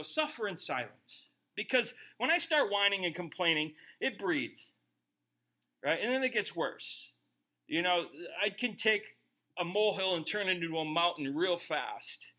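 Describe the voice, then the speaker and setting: Preaching to his congregation, this middle-aged male pastor is animated and forceful, punctuating points with frequent rhetorical asides, all in a high-pitched voice.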